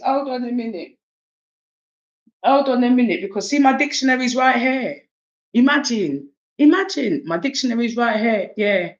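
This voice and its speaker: A woman with a South East London accent giving an oracle card reading in a casual livestream chat, animated and laughing, with streetwise slang and swearing. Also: a little high, moderate pace, lo-fi sound.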